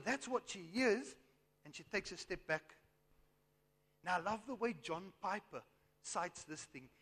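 A high-pitched man preaches with emphatic asides and quick questions to his listeners. His voice sounds strained and worn. A long reverb hangs behind him, as in a large hall. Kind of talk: sermon.

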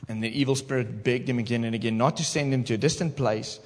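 Animated male preacher in an echoey hall. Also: fairly high pitch, quick pace, few pauses. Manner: animated, talks straight to the congregation. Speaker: pastor. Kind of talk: sermon. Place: church.

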